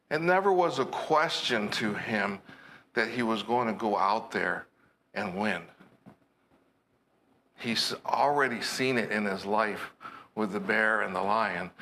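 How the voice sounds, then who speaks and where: A male preacher tells a scripture story slowly and with care, his voice bright and forceful. He keeps it earnest and conversational, with a faint hiss of noise behind him. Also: lowish voice. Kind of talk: sermon retelling a scripture story.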